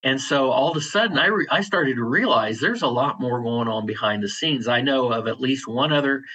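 A man guesting on an energy podcast, explaining in a measured way with frequent fillers. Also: mid-range voice, sharp tone, husky, poor audio. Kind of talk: conversational interview.

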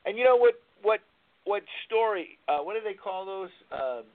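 High-voiced man rambling on talk radio. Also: animated, moderate pace. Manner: rambling storyteller, searches for words. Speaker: radio host. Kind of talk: casual radio talk about recovery. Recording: tinny phone-like radio line.

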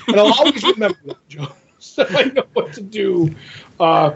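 A man's voice: high-pitched, sing-song, normal speed, vocal fry, breathy edge, dull audio. Rambling man recapping a comic. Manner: rambling retelling with many fillers. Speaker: podcast co-host. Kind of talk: casual comic book recap.

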